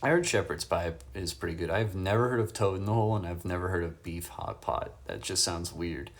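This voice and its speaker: A man with a low-pitched, brisk voice chats casually during a phone livestream from a hotel room. Relaxed, he reads the chat's questions out loud and keeps chuckling.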